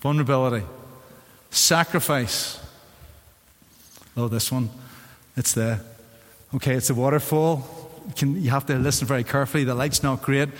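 Animated Northern Irish preacher in a reverberant church. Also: male voice, mid-range voice, moderate pace, pauses often. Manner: animated preaching, theatrical film quotes. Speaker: pastor. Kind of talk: sermon. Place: church sanctuary. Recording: long church hall reverb.

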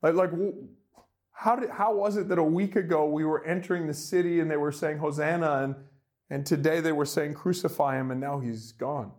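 A man preaching a sermon in an earnest way, rising to emphatic peaks and dropping to hushed, quiet tones. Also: on the high side, steady tone, normal speed. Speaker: pastor.

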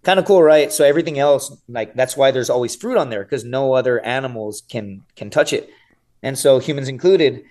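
Give me a man in his thirties with a voice of middling pitch, recounting a story on a podcast in a loose, animated way, peppering his talk with "dude" and "right?" and the odd curse word. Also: fairly quick. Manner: animated, swears freely, says "dude" and "right?" often. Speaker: podcast guest, survival show contestant. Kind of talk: casual interview storytelling.

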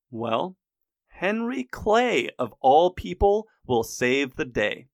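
A man's voice: high-pitched, gravelly, fairly bright tone, no room sound, clean studio sound. A man narrating history casually in a wry, irreverent way, with occasional swearing.

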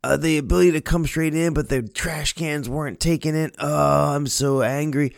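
Guy doing a fed-up husband, high squeaky rant, dry close sound. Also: fairly even intonation, moderate pace, gravelly, no echo. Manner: high-pitched complaining rant. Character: angry loud husband, middle-aged man.

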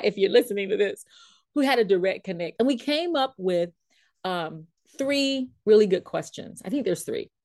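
An animated woman coach tells a story in a lively, expressive way, laughing often. She speaks at an ordinary pitch and is recorded dry and close, with almost no room sound. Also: no room sound. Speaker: leadership coach, consultant and trainer.

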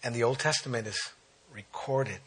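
A man preaching a sermon, reading scripture aloud and breaking off into animated exclaims. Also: medium pitch, normal speed, breathy edge.

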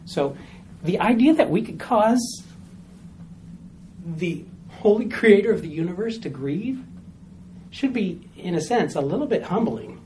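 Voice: medium pitch, expressive, a little slow, pauses often, dark tone, slight background noise. A Bible study teacher explaining a passage step by step to a small group, repeating key points and often asking "all right?" to check in.

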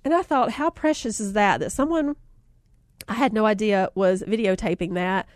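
A woman giving a faith-based motivational talk, telling a family story in a lively, conversational way and calling her listeners guys. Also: mid-range voice, normal speed, no room sound, clean studio sound. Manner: animated storyteller, acts out voices in anecdotes. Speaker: motivational speaker.

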